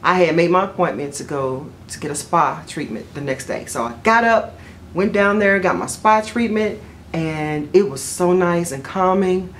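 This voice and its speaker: A woman vlogger telling a personal story in a chatty, rambling way, full of fillers and self-corrections, jumping up in pitch whenever she quotes herself. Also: normal speed, slight background noise. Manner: jumps high in pitch when quoting herself. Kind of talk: casual storytelling to camera.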